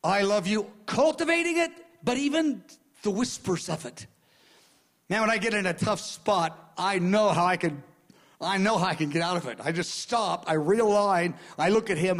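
A man preaching a sermon in an earnest way, repeating phrases and swinging from quiet murmurs to loud outbursts. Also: high-pitched, expressive, moderate pace, gravelly.

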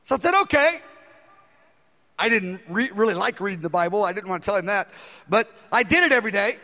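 A man's voice: sits high, expressive, fairly quick, pushed and bright. A man preaching a sermon, telling a story and acting out the dialogue in it with animation. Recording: long hall reverb.

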